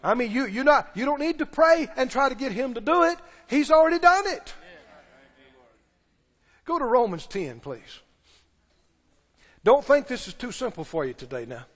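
A high-pitched male preacher, delivering a sermon with forceful shouts and slow, weighted emphasis. His voice rings through a long, echoing church reverb. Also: very animated. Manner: mimics pleading believers in low, soft voices. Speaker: pastor.

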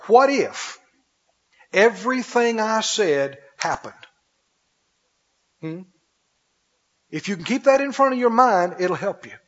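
A man's voice: sits high, fairly bright tone. A man preaching a sermon as pastor, often asking the congregation questions such as whether they are with him. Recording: dull recording with long hall reverb.

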